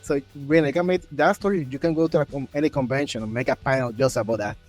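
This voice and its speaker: A man hosting a podcast, telling a story in a lively way and acting out the quotes. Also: medium pitch, quick pace, faint music behind. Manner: animated storyteller, acts out quotes in raised voices. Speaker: podcast host. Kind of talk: casual interview chat.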